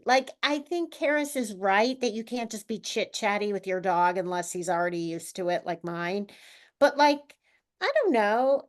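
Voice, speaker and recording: A woman hosting a podcast, chatty and self-deprecating, laughing often as she asks questions. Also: mid-range voice. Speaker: podcast host. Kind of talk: casual podcast chat.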